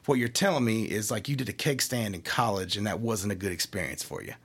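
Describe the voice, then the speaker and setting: A man from Kentucky talks about craft beer for his brewery in a relaxed, chatty way. His voice is husky and sits fairly low. He explains things with analogies and little acted-out quotes. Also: fast talker. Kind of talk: casual chat.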